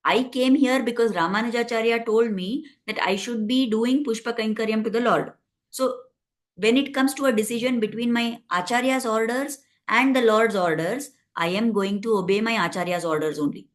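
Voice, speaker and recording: Woman telling it as a calm devoted saint guy, firm, not budging. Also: on the high side, normal speed, lightly acted. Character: male saint, calm, devoted to his guru.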